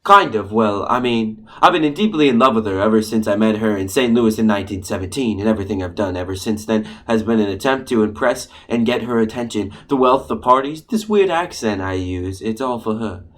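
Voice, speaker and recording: A man's voice: fairly low pitch, brisk, hardly any pauses, a bit bright, natural voice. A man voicing a lovesick rich young man with a put-on posh manner in a student comedy play, breezy and smug.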